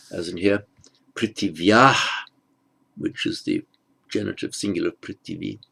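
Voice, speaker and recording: A man teaching Sanskrit grammar in an online lesson, explaining slowly and carefully and correcting himself as he goes. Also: on the low side, gravelly, darkish tone.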